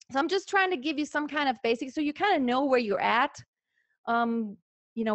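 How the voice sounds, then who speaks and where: High-voiced woman vocal coach. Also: no room sound. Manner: earnest and instructive, breaks off to sing examples. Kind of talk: singing lesson with sung demonstrations.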